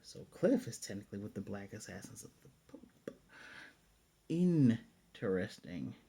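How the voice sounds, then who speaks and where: A man with a mellow, warm voice talks through an anime episode in a relaxed, chatty way. His delivery is animated, and he often corrects himself and trails into fillers as he goes. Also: lowish voice, measured pace, vocal fry, slightly rough. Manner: animated retelling, often paraphrasing the characters' lines; chatty and loose, with frequent fillers and self-corrections. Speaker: anime reviewer. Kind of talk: casual episode recap.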